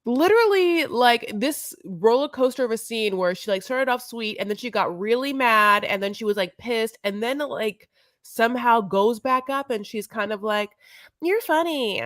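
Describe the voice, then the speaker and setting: A woman's voice: on the high side, moderate pace, fairly bright tone, no echo, studio quality. A woman co-hosting a podcast, casually recapping a reality show in a rambling, chatty way and calling her co-host honey.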